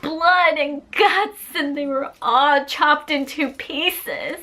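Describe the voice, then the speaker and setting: A woman's voice: high voice, slow, pushed and bright. A young woman casually telling a scary story to her viewers, playfully acting out voices and sound effects. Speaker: storyteller vlogger.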